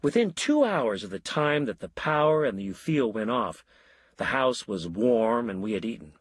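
A man reads a story aloud with a wry, measured delivery and a husky edge to his voice. His pitch moves in lively swoops, and the recording is close and dry. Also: dry recording. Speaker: audiobook narrator. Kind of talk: scripted narration.

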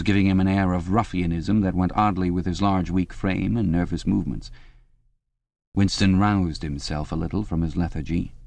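A man giving scripted audiobook narration in an even, measured reading. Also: deep voice.

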